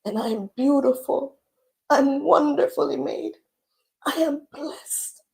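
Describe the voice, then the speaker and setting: A woman's voice: high voice, takes it slowly, vocal fry. A woman hosting a livestream, tearful and preaching as she pleads with her viewers. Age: adult with children. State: crying at times. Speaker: livestream host. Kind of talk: emotional livestream talk.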